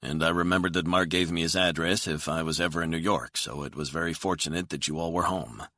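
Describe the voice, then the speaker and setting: A man voicing a cool, controlled hired killer who speaks calmly and quietly threatens, in a deep voice. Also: quick pace, no echo. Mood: easygoing.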